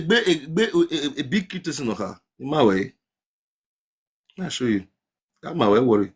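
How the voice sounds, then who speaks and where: Animated Nigerian man chanting to viewers. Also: moderate pace, long pauses, husky. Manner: chanting, sing-song calls to viewers; animated, swinging between loud shouts and low mutters. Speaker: TikTok live streamer. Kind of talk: casual live-stream chat to viewers.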